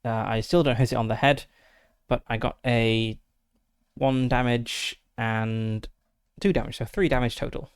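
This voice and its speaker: A man's voice: mid-range voice, steady tone, measured pace, clean tone, no echo. A man casually narrating his solo tabletop game, methodically thinking aloud through dice rolls and rules with frequent fillers, into a close desk mic.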